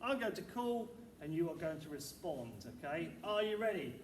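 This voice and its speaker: Male teacher, high voice, upbeat and encouraging, echoey hall with audible background noise. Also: big pitch swings, moderate pace, far from the mic. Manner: upbeat, encouraging, talks to children. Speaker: primary school teacher. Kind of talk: leading a school music assembly. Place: school hall, indoors.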